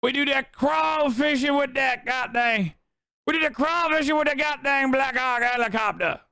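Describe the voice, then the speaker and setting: A man putting on a loud, folksy politician voice, pitched well above his own. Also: normal speed, gravelly, no echo, studio quality, full character voice. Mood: bombastic. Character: blustering Southern congressman, folksy and loud.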